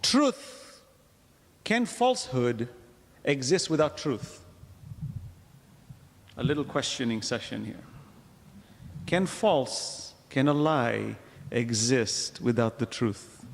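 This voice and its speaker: Animated man lecturing in a reverberant hall. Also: mid-range voice, vocal fry, slight background noise. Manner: rhetorical questions, emphatic pauses; animated, wide-ranging delivery. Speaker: Islamic lecturer. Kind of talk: religious lecture to a congregation.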